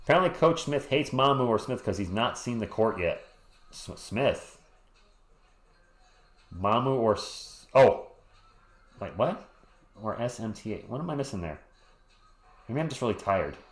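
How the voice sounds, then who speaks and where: A hoarse man hosting a live stream, calling a game play by play in a casual way and greeting chat viewers between plays. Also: mid-range voice, big pitch swings, a little slow, long pauses. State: hoarse, losing his voice. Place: home at night.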